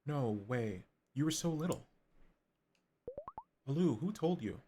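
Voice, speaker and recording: A man's voice: fairly high pitch, lively intonation, a little slow, warm tone, a little hiss or hum. A man voicing a tired, defensive mother in a video game, over game music. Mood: regretful.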